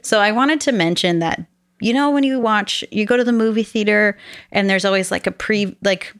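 A young woman co-hosting a podcast in casual chat, blunt and laughing often, animated when retelling stories. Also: mid-range voice, normal speed, dry recording. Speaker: podcast co-host.

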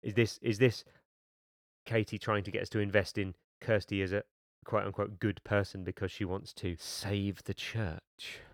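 A man's voice: fairly low pitch, flat delivery, normal speed, no room sound, clean studio sound. A man reading a novel aloud and commenting on it in an exasperated, mocking tone. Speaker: book reviewer reading aloud. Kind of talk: sarcastic read-along commentary.

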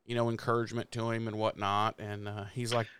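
A Midwestern man co-hosting a podcast recaps a TV episode casually, swearing freely and acting out the characters' lines with gusto. He talks fast in a lowish, clear, resonant voice, recorded dry.

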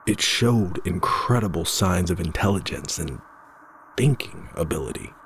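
A man narrates a first-person horror tale at a very unhurried pace. His voice sits fairly low, and he keeps a measured, somber tone, sometimes stumbling over a word. A faint ambient hum lies under the voice. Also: animated. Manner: measured, somber storytelling with occasional stammers.

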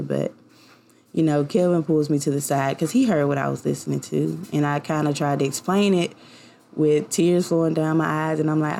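A young woman hosts her own podcast in a loose, confessional monologue. Her voice sits low for a woman and carries a gravelly fry. She rambles warmly from thought to thought, full of likes and you knows. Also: a little hiss or hum. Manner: rambling and heartfelt, many fillers. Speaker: podcast host. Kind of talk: casual personal podcast monologue.

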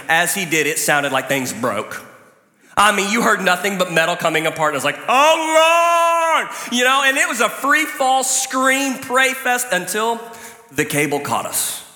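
Animated high-voiced preacher in echoey hall. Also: male voice. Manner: animated storytelling with loud outbursts. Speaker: pastor. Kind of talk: sermon. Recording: echoey hall, long reverb.

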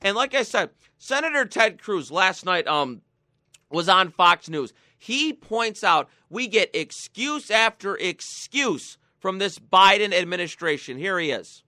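A man's voice: high-pitched, animated, unhurried, bright, forceful tone, no echo, studio quality. A man hosting a political talk show, ranting sarcastically and mocking his targets. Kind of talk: political commentary.

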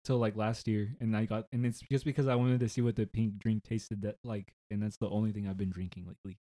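A man's voice: lowish voice, level tone, fast talker, warm tone. A young man appearing as a guest on a casual podcast, joking and teasing his friends. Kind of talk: casual chat.

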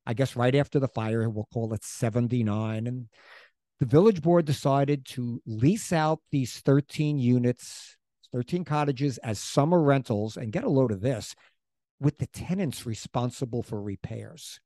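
A man, chatting his way through a local history story on a podcast. His voice is mellow and relaxed, and it sits dry and close. He rambles, restarts and drops in asides. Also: mid-range voice, a little slow, no echo. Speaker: podcast co-host. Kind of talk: casual chat about local history.

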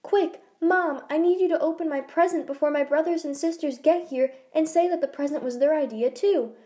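A woman's voice: sits high, animated, moderate pace. A woman voicing an eager young hen, the heroine of a storybook. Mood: urgent.

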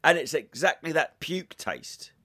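A man's voice: a little high, expressive, a little slow, fairly bright tone. A young man hosting a podcast, telling rambling, jokey stories with crude asides in casual chat. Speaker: podcast host.

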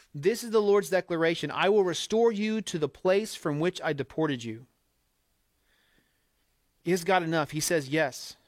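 A man preaches with a fairly high voice and an emphatic, conversational delivery. He slips into quoted asides as he talks to the congregation. The sound is dry, with almost no room echo. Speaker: pastor. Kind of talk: sermon.

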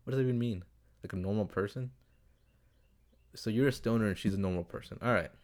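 Fast-talking, with a lowish, darkish voice, a young man reads listener questions on his casual home advice podcast, rambling, swearing and going off on tangents. He records on a desktop computer setup in a room with a window letting in street noise.

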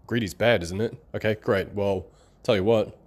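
A man doing a scheming inner subconscious that talks like a chummy mate. It sounds cheerfully helpful while it plots, casual and breezy, pitched a touch above his normal low voice. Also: fairly even intonation, normal speed, close to an everyday voice. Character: a man's own subconscious mind, breezy and scheming.

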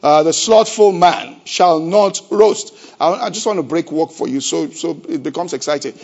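A man preaching a sermon as pastor. He keeps asking the congregation rhetorical questions and swings between loud emphasis and a low, conversational tone. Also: normal speed, gravelly. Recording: dull lo-fi church recording.

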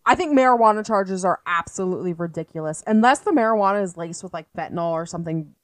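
A woman's voice: lowish voice, lively intonation, fast talker, no room sound. A woman co-hosting a casual podcast, blunt and outspoken in her replies. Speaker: podcast co-host.

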